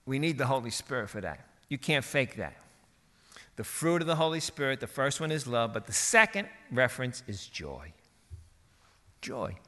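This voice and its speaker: A man preaching a sermon in a lively, colloquial way, swinging from quiet asides to excited shouting. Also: medium pitch, moderate pace, long reverb tail.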